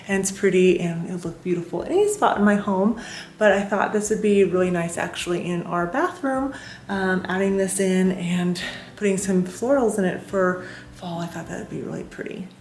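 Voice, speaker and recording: A woman vlogger in her thirties, gushing enthusiastically as she shows off home decor around her house. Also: on the low side. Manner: gushing, enthusiastic, lots of "beautiful" and fillers. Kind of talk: casual sponsored home decor vlog. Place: at home, porch and indoors.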